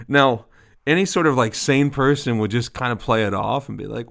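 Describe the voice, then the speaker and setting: A man's voice: mid-range voice, normal speed, vocal fry, a bit bright. A man in his thirties co-hosting a ministry podcast, telling a story with a lot of laughter at himself. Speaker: podcast co-host. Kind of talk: casual ministry podcast chat.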